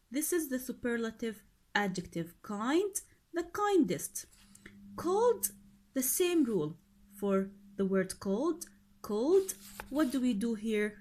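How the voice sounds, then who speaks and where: A woman teacher with a slightly high voice leads a recorded grammar lesson. Her pitch rises and falls a great deal. She speaks slowly and explains each rule in steps, stopping to ask her pupils questions. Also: darkish tone. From Oman. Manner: slow, explaining step by step, questions to students. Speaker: English teacher.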